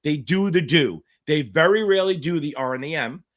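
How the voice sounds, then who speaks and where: A man's voice: on the high side, expressive, fairly quick. A middle-aged man tutoring exam candidates in a live-streamed Q&A, blunt, profane and provocative, wandering into side stories. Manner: rambling digressions.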